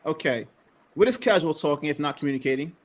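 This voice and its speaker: Easygoing male panelist, fairly high voice, calm while he takes sides. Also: quick pace. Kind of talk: casual live-stream debate.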